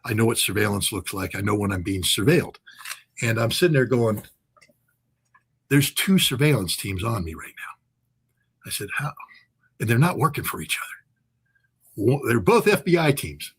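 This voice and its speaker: This man, a former weapons inspector in his sixties, spins lengthy stories as an interview guest, often restarting and leaning on fillers. He speaks at a moderate pace in a low-ish, gravelly, husky voice.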